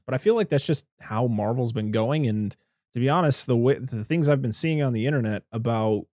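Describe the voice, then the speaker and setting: A man in casual podcast chat, rambling and animated, swearing often as he reviews a film. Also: mid-range voice, dry recording, studio quality.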